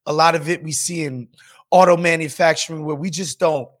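A man co-hosting a podcast, talking in an animated, profane, emphatic way about the economy. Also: fairly high pitch, brisk. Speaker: podcast co-host. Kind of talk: casual political chat.

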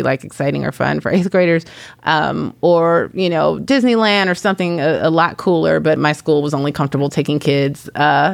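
A woman in her thirties from Chicago, telling a self-mocking story in an animated, casual way. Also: sits low, vocal fry, dry recording. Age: 30s. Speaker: podcast guest.

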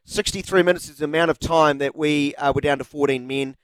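A man's voice: on the high side, fairly quick, clean tone, dry recording. A middle-aged man with a New Zealand accent hosting a sports radio show, arguing his points and reading out listener texts. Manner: animated, argumentative, reads out listener texts. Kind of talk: opinionated sports radio talk.

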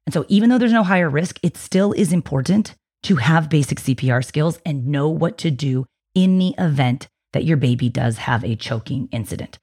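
A woman's voice: lively intonation, moderate pace, few pauses, warm tone, husky. A woman hosting a podcast, chatting in a reassuring, explanatory way about feeding babies. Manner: chatty and reassuring, slips into a high sing-song baby voice for quotes. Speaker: podcast host, feeding specialist. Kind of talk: casual explanatory podcast talk.

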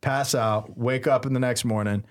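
An animated man in his thirties tells a story on a podcast, quick to laugh and to act out the people in it. He is a priest chatting casually with friends, and his pitch sits in the middle range.

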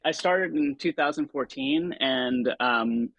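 A man's voice: mid-range voice, slow, no echo, poor audio. A man in his thirties, a stage and TV performer, telling stories as an interview guest with many fillers and restarts. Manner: hesitant, lots of fillers and restarts, animated when quoting himself. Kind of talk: relaxed conversational storytelling.

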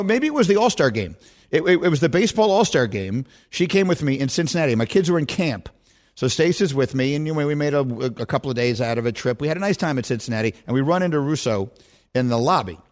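A middle-aged man hosting a sports radio show, telling stories in a playful, animated way and laughing often. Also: medium pitch. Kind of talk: casual sports radio chat.

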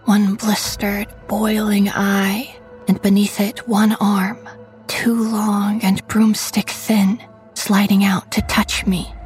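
A woman narrating a first-person horror story in a hushed voice that often drops to a whisper. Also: medium pitch, low-quality recording.

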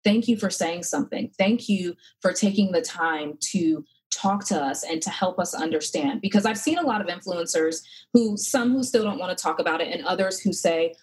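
A woman's voice: on the low side, moderate pace, few pauses, breathy edge, rough recording. A woman in her thirties, a podcast guest, telling her story earnestly and with feeling, with many fillers and restarts. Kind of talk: casual interview talk.

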